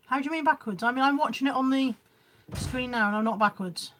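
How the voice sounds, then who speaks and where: A woman's voice: sits high, fast talker, fairly bright tone, a little hiss or hum. A woman hosting a live stream from home on her phone, chatting with viewers, reading out their comments and rambling a little. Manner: chatty and scattered, reads out comments. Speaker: live-stream reseller host. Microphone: phone camera.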